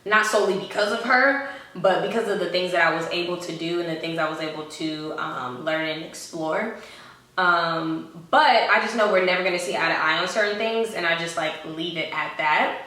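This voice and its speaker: A woman's voice: fairly low pitch, normal speed, pushed and bright, distant mic. A young woman co-hosting a vlog, telling her story in a casual, sassy way with emphatic asides. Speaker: vlog co-host. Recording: echoey room, away from mic.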